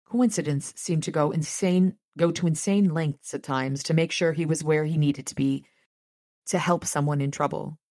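A woman's voice: low-pitched, fairly even intonation, moderate pace, a little mellow, no room sound, clean studio sound. A woman hosting a podcast, reading a novel aloud and adding chatty, enthusiastic asides. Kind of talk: reading aloud with casual commentary.

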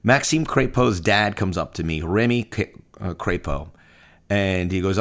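Low-voiced man telling an emotional story. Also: fairly quick. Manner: emotional, animated storytelling with quoted dialogue. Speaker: podcast host. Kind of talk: personal story on a soccer podcast.

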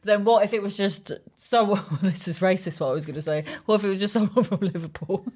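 A woman's voice: medium pitch, brisk, darkish tone, husky. Rambling, giggly woman comedian. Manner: rambling, laughing storyteller. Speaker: podcast co-host, comedian. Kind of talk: casual chat.

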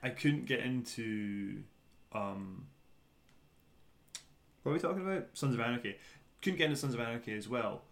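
A man's voice: medium pitch, animated, normal speed, creaky, long pauses. A man co-hosting a podcast, ranting in a sweary, opinionated way in casual chat.

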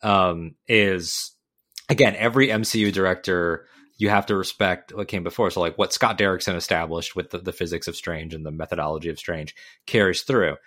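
A man's voice: low-pitched, steady tone, fairly quick, a bit bright. A man, a podcast guest, chatting casually and analysing films as he thinks aloud. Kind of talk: casual chat.

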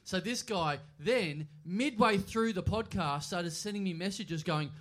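A man's voice: high-pitched, measured pace, fairly bright tone. A man telling a rambling, sweary anecdote on stage at a live comedy podcast, acting out both sides of the argument.

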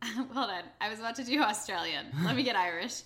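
An American woman co-hosting a casual chat, telling stories in an animated way with frequent laughter. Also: a little high, a little fast. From United States. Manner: animated storyteller, laughs often.

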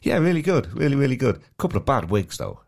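A man's voice: medium pitch, sing-song, quick pace, creaky, a little mellow. A man with a Mancunian accent co-hosting a podcast, chatting casually in a rambling, stop-start way. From Manchester. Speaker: podcast co-host. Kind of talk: casual chat.

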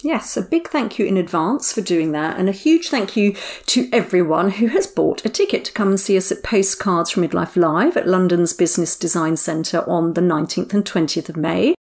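A middle-aged woman, co-hosting a podcast, chatty and quick to laugh. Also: lowish voice, expressive, darkish tone. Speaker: podcast co-host. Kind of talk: casual chat.

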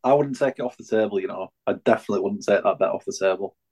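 A man's voice: lowish voice, rapid-fire, a little mellow, slightly rough. A laid-back man on a football podcast panel. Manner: laid-back, acts out imagined thoughts. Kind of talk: casual football chat.

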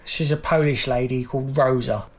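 A man's voice: medium pitch, steady tone, moderate pace. A middle-aged man co-hosting a podcast, chatting casually, rambling and laughing often. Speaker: podcast co-host. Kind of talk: casual chat.

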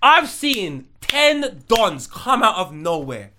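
A man's voice: sits high, sing-song, slow pace, bright, forceful tone, a little hiss or hum. A man, co-hosting a podcast and telling stories in street slang. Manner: laid-back storytelling in street slang. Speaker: podcast co-host. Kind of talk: casual chat.

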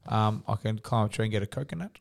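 A man's voice: fairly low pitch, fast talker, vocal fry. A man co-hosting a podcast, joking crudely and laughing through casual banter. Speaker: podcast co-host.

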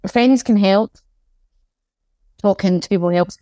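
A woman's voice: medium pitch, slow pace, warm tone, no room sound. Candid Scottish woman in her forties. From Scotland. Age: 40s. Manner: candid, self-deprecating, dry sarcastic humour. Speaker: guest. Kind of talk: casual interview chat.

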